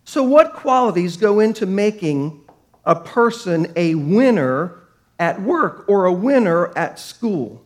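High-voiced man preaching a lively sermon. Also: slow pace. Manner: animated preaching, acts out quoted complainers. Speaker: pastor.

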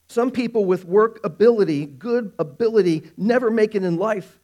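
A man preaching a sermon, animated, stretching out words for emphasis. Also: high-pitched. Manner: animated, drawn-out emphatic phrases.

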